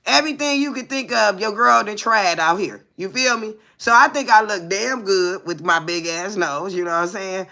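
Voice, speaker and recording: A woman's voice: mid-range voice, normal speed, creaky, hardly any pauses, pushed and bright. A woman in her forties co-hosting a live talk show, telling profane, brash stories and constantly asking her listeners whether they hear her. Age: 40s. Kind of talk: casual live chat.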